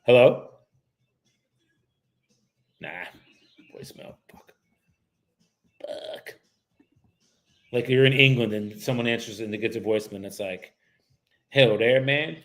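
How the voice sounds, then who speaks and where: This real estate agent from the United States has a lowish voice, talks unhurriedly, and pauses often. He livestreams himself cold calling and comments casually in between, joking around and using profanity.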